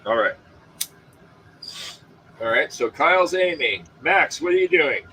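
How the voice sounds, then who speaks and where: A man running a tabletop role-playing game as game master, who laughs often and shouts out the characters' lines. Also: on the high side, lively intonation, unhurried, a little hiss or hum, rough recording.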